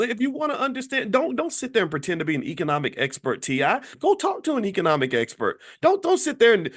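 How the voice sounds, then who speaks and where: A man hosting an impassioned opinion commentary, swinging from low muttering to high outbursts. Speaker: host.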